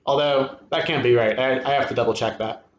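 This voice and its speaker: Man, story reading, steady expressive delivery, echoey room, faint background ambience. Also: mid-range voice, fairly quick, dull audio, a little hiss or hum. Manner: steady first-person storytelling, expressive at tense moments. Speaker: reader at a literary event. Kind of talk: reading a short story aloud.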